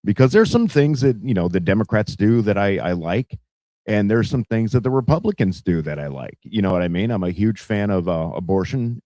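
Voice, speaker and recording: A man's voice: lowish voice, lively intonation, brisk, mellow, no echo. A man hosting a casual news commentary show, rambling and profane, with heavy fillers. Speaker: podcast host.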